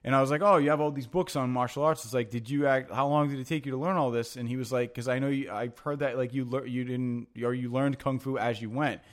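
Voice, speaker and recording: A man in his own relaxed talking voice, spinning loose, meandering stories. He swears freely and leans hard on fillers like "like" and "you know," restarting as he goes. It sounds like easy, offhand banter between friends. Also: mid-range voice, fast, few pauses. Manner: rambling, profane, filler-heavy anecdotes. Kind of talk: casual storytelling chat.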